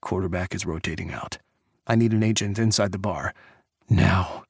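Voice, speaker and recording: A man's voice: on the low side, animated, measured pace, a little mellow, slightly rough, no echo, clean studio sound. A man voicing a tense, furious security leader who speaks in clipped orders.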